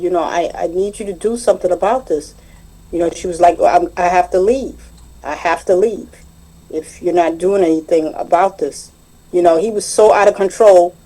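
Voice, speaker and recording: Soft-toned woman telling a long personal story. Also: lowish voice, poor audio. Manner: rambling, retells conversations with many "I said". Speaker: meeting member sharing. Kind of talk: personal share at a recovery meeting. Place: meeting room, recorded online.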